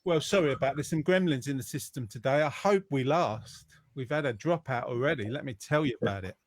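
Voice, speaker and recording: A man's voice: mid-range voice, no room sound. Chatty man hosting, dry sound. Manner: jokey, chatty, quick asides. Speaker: host. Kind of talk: casual live-stream chat. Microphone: close mic.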